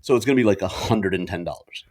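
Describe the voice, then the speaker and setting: A man's voice: deep voice, fast talker, darkish tone. A middle-aged man on a podcast telling a story in a casual way, laughing often and acting out the dialogue.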